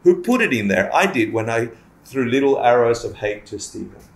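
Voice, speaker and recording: A man with a sing-song, mid-range voice teaches a relaxed Buddhist class at a moderate pace, the sound echoing around the room. He jokes, swears, and plays out small scenes as he explains.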